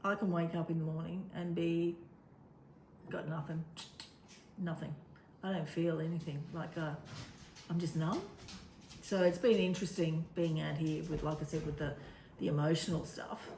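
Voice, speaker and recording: A woman's voice: low-pitched, fairly even intonation, moderate pace, a little mellow. A woman in casual chat as a co-host, rambling and laughing easily. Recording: echoey room with faint noise.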